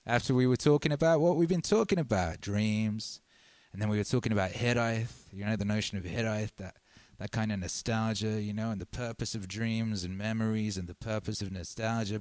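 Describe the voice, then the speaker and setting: A man hosting a live stream, chatting in a relaxed, rambling way and giving shout-outs to his viewers. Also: mid-range voice, no room sound, clean studio sound. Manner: laid-back and rambling, reading out chat shout-outs. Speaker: livestream host. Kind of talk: casual live-stream chat.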